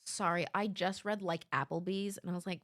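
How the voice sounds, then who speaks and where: A woman in her twenties streaming live, chatting casually to her audience in a rambling, giggly way with sudden excited outbursts. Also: on the low side, brisk, no room sound, studio quality.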